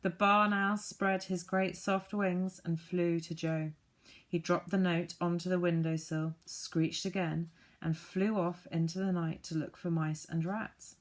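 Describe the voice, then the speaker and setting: A woman reading a children's storybook aloud, gently voicing the characters. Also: on the low side, level tone, unhurried. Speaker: audiobook reader.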